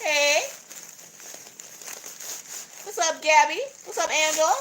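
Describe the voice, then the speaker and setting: A woman's voice: high-pitched, animated, measured pace, long pauses, background noise. A woman hosting a casual craft livestream, playfully greeting chat viewers by name and joking with them as she unboxes.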